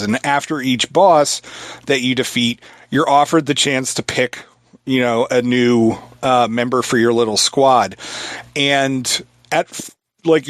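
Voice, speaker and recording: A man in his thirties, a podcast guest, rambling through a game explanation with lots of "like" and "uh". His voice is mid-pitched, recorded close on a very dry mic with no room sound. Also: dry recording. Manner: rambling, filler-heavy explanation. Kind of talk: casual podcast chat.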